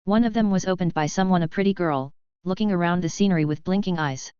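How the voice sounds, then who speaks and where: A woman narrating a fantasy audiobook in a steady, even reading. Her voice is low-pitched and very clear. The audio is dry and slightly dull, with no room sound. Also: fast, no room sound. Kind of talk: scripted narration.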